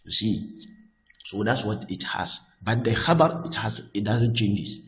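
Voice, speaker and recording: A man's voice: lowish voice, lively intonation, unhurried, rough recording. A man teaching a grammar lesson, explaining patiently, repeating himself and restarting phrases.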